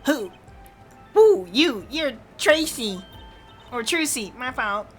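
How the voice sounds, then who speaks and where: A woman's voice: mid-range voice, fairly even intonation, measured pace, bright, forceful tone, soft background music. A woman streamer voicing a nerdy, pushy young male reporter from a game, in a drawling, teasing way. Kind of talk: live game playthrough voice acting.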